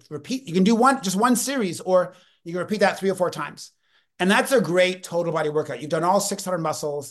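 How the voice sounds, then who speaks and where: Energetic man in his fifties telling stories. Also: high voice. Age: 50s. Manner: energetic, storytelling, often self-interrupting. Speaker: guest. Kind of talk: podcast interview.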